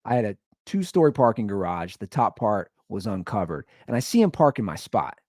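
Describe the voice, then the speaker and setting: A man's voice: lowish voice, big pitch swings, a little fast, darkish tone, no echo, studio quality. A man hosting a comedy podcast, telling a story and acting out both sides of the argument.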